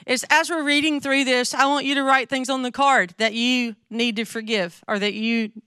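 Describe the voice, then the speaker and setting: Speaking at a normal pace, a women's ministry speaker from the American South addresses a women's gathering in a candid, conversational sermon, frequently questioning her audience. This middle-aged woman with a Southern accent has a high, steady voice that's pushed, bright, clear and resonant. The studio recording has no room sound.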